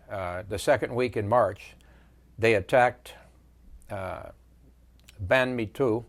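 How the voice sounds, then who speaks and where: Guy in his 70s telling old war stories, slow and thoughtful, fairly low voice. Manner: measured storytelling, many pauses and fillers. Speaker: veteran interviewee. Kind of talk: recounting war memories.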